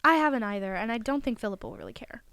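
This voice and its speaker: Chatty teen girl, slightly high voice. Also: expressive, a bit bright, clean tone, dry recording. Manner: chatty, teasing, quick reactions. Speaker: podcast host. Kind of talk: casual chat.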